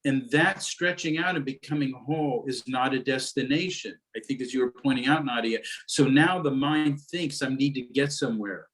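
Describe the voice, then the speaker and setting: A soft-spoken man guiding a reflective talk on grief and mindfulness. His pace is measured and he often stops to search for the right words. The sound is that of a video call conversation. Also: mid-range voice, low-quality recording. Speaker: mindfulness teacher.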